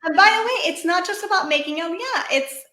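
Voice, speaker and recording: Woman, podcast host, emphatic and encouraging, bright high voice, roomy echoey sound. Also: lively intonation, brisk. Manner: emphatic, encouraging, preachy asides. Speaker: podcast host and money coach. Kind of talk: casual interview chat. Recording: echoey room.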